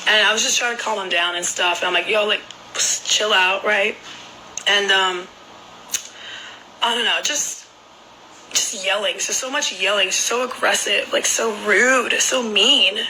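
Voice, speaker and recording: A woman's voice: medium pitch, unhurried, bright, forceful tone, a little hiss or hum, poor audio. A young woman telling a personal story in a rambling, casual way, filling nearly every phrase with "like.". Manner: rambling, packed with filler "like".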